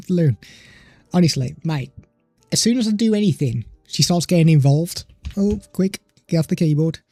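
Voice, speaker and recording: A man hosting a relaxed tech livestream from his home desk. His voice is mellow and warm, sitting close and dry on a studio mic, with faint music underneath. He rambles easily and breaks off to talk to his pet. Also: on the high side, moderate pace, pauses often, no room sound. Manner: chatty, loose, stops to talk to his pet. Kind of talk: casual live product demo. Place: home desk streaming setup. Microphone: studio microphone through a mixer at a desk.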